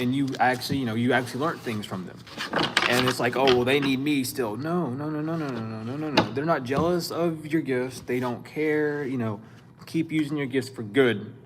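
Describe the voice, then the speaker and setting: A man's voice: medium pitch, very noisy. A man giving a casual spiritual reading to camera, blunt and scolding, in profane street slang. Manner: animated and scolding, with quick laughs. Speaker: spiritual reader.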